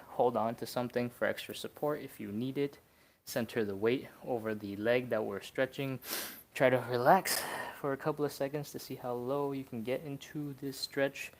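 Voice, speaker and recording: A young man casually leading a beginner stretching workout, explaining each position and counting down the holds. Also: mid-range voice. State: out of breath. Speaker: stretching instructor. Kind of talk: live-streamed workout instruction.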